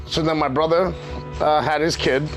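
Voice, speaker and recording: A man's voice: a little high, steady tone, normal speed, music in the background. A New man in his thirties, a professional wrestler guest, tells his own story with open emotion. His voice sits a little above the usual male range. He rambles and circles back, filling his talk with "you know what I mean". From New York. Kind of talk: candid personal storytelling.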